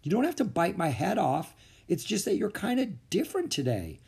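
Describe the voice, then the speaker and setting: A man's voice: sits high, wildly swooping pitch, a little fast, gravelly, a little mellow, breathy edge, pitched above the performer's own voice, exaggerated voice. A man reading aloud, voicing a teasing, easygoing schoolboy friend.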